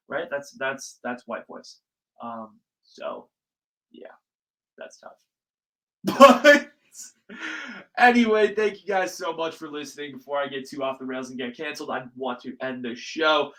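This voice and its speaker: A young man hosting his own podcast, ranting casually and emphatically and swearing freely as his voice jumps between loud and quiet. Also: mid-range voice, unhurried, pauses often, poor audio. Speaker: podcast host. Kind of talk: casual solo podcast rant.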